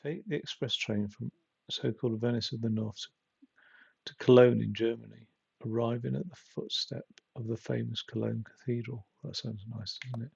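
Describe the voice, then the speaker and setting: Gravelly-voiced man chatting over gameplay. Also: medium pitch, steady tone, normal speed, darkish tone, dull audio. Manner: rambling, swears, chuckles at own stories. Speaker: game streamer. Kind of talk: casual gameplay commentary.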